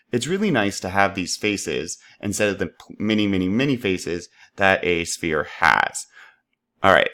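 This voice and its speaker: A man walking through a software tutorial, upbeat and playful, making little sound effects as he works. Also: on the low side. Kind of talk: screen-recorded tutorial.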